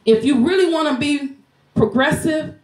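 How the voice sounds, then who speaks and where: A woman's voice: high-pitched, moderate pace, a little mellow. A woman preaching a Mother's Day sermon in a home church, fervent, sometimes singing and laughing as she talks. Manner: fervent, breaks into song, laughs while preaching. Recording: echoey room.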